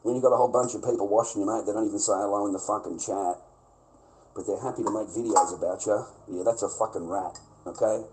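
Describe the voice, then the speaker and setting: A man's voice: fairly low pitch, fairly even intonation, quick pace, darkish tone, low-quality recording. A man ranting on a livestream, blunt, sweary and aggrieved, repeating his points. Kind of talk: casual livestream rant.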